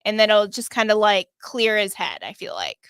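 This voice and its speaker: A woman's voice: medium pitch, very animated, normal speed, fairly bright tone, clean tone, no echo, studio quality. A woman co-hosting a live-stream chat, talking casually, laughing often and thinking aloud with hesitations. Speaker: co-host.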